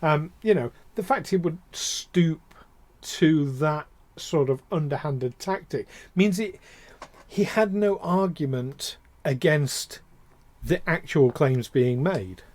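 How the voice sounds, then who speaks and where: A man's voice: on the high side, expressive, takes it slowly, darkish tone, dry recording. A man co-hosting a podcast, talking casually with passion and many fillers and restarts. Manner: impassioned, ranting, lots of fillers and restarts. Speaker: podcast co-host.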